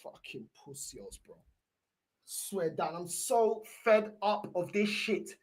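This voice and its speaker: A woman's voice: medium pitch, animated, takes it slowly, a little mellow. A woman, ranting angrily and scornfully as a football fan streamer. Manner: angry, sweary, scornful ranting.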